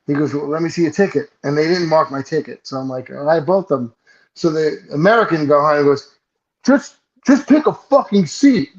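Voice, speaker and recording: A man's voice: on the high side, fairly quick, highs cut off. A man on a remote call telling a rambling, profane comic story in casual chat, laughing at his own punchlines. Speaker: show regular telling a story.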